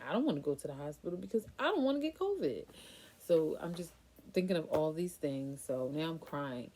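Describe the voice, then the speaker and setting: Low, mellow-voiced woman telling a story. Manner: talks through a frightening memory, with fillers and nervous laughs. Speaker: vlogger. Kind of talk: casual storytelling.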